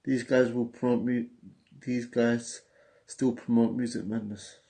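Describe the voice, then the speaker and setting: Gravelly London man on a livestream. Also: mid-range voice, flat delivery, unhurried, dark tone. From England. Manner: streetwise slang, repeats himself, reads out viewer messages. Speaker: livestream host. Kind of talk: casual livestream talk.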